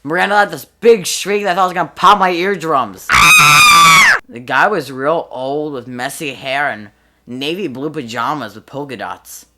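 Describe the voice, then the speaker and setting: A young man hosting a comedy show, telling a story in a casual, deadpan way. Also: on the high side, normal speed, very noisy. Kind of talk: storytelling monologue.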